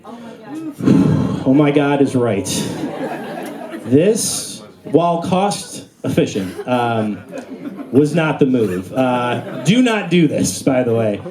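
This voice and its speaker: A young comedian performs stand-up in a club, his animated storytelling punctuated by high, squeaky character voices. Live audience laughter runs through the whole clip.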